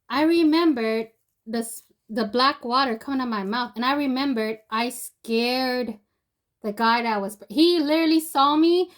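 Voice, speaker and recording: A young woman telling a personal story in a loose, rambling way, full of fillers and restarts. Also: high voice. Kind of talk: casual spoken storytelling.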